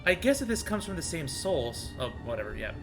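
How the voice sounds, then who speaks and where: A man's voice: a little high, very animated, a little fast, over music. A man streaming a video game, musing aloud as he reads and translates in-game text and greets viewers in chat. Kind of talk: live gaming commentary.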